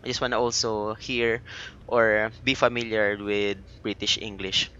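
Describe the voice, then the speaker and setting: A man's voice: fairly low pitch, flat delivery, measured pace, bright, forceful tone, clear, resonant tone. A young Filipino man with a Filipino accent hosting a casual chat, encouraging and full of fillers. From Philippines. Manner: encouraging, with frequent fillers and laughs. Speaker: podcast host. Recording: dull lo-fi sound.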